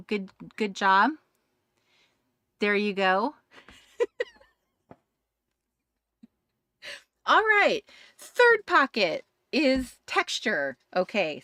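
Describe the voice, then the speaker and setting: A woman's voice: mid-range voice, pushed and bright, no echo. A woman with a Boston accent hosting a casual crafting livestream, talking to viewers in the chat with frequent laughs and restarts. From New England, United States. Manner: chatty, laughs often, many restarts and asides to chat viewers.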